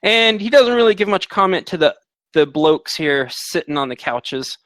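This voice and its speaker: A man narrating a fantasy tabletop game as game master, his voice a bit higher than most men's. He rambles with fillers and restarts, recorded close and dry. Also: animated, normal speed, a bit bright, dry recording.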